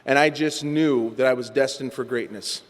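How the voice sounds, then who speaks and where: A man speaking at a recovery meeting, telling his personal story in an animated, self-mocking way. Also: medium pitch, normal speed, slight background noise. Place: meeting hall. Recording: long reverb from a large hall.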